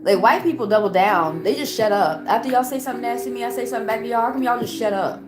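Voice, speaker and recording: A young woman hosting a livestream, ranting in a confrontational way with rapid-fire rhetorical questions. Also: fairly high pitch, roomy sound. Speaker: livestream host. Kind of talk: heated casual livestream rant. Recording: music playing clearly behind.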